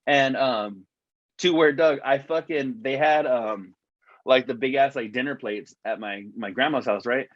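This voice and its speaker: A man co-hosting a casual podcast, rambling through a story and swearing constantly. His voice sits at an ordinary middle pitch. The sound is dry and dull, with a lo-fi edge. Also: a little slow, no echo. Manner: profane, rambling storyteller, says "dog" a lot. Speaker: podcast co-host. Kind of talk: casual chat.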